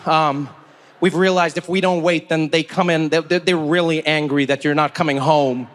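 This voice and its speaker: A man's voice: a little high, fairly even intonation, pitched below the performer's own voice, lightly acted. A man voicing a nervous male team member who stumbles through repeated words. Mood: sheepish. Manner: halting, stumbling repetitions.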